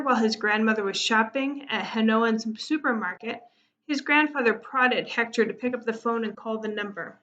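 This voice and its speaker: A woman teacher narrating a storybook aloud to her class in a steady, expressive manner. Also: fairly high pitch. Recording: muffled lo-fi recording.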